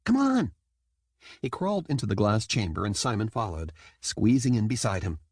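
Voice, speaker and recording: Male audiobook narrator, husky voice, lively melodic reading, dry close recording. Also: on the low side, brisk, no echo. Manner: lively, switches into character voices.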